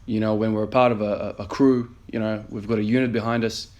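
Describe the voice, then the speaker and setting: A man's voice: fairly low pitch, little pitch movement, fast talker, a little mellow, lo-fi sound. A man in his thirties, an emergency nurse, earnestly telling a story in a motivational vlog with many fillers. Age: 30s.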